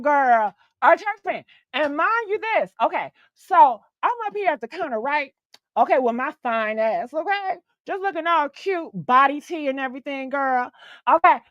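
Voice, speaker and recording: A woman hosting a stream, telling a story in a chatty, animated way, swearing freely and calling the listener "girl.". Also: sits high, no room sound, dull audio. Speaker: host. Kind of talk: casual storytelling on a live stream.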